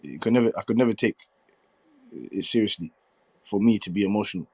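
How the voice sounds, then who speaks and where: A man argues boxing in a casual, heated debate, full of profanity and mocking laughter. His voice sits low, and the sound is dry and close. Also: brisk, darkish tone, no room sound. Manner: profane, combative, laughing banter.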